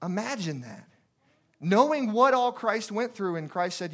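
A man's voice: high voice, expressive, unhurried, fairly bright tone. A man preaching a sermon as a guest preacher in a church, impassioned and repetitive, firing off rhetorical questions.

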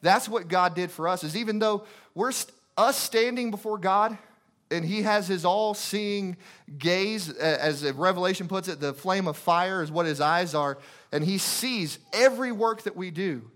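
Impassioned higher-voiced male preacher. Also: normal speed, fairly bright tone. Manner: impassioned, repetitive preaching with rhetorical questions. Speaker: guest preacher. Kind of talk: sermon.

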